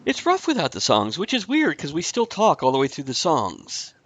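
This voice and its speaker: A man's voice: a little high, wildly swooping pitch, moderate pace, a bit bright, slight background noise. A man hosting a casual online talk show, chatty and teasing, often laughing. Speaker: podcast host. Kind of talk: casual chat.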